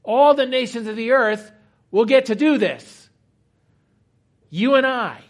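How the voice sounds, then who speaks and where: A man's voice: very high-pitched, measured pace. A man preaching a teaching sermon in a conversational, explanatory way, asking rhetorical questions.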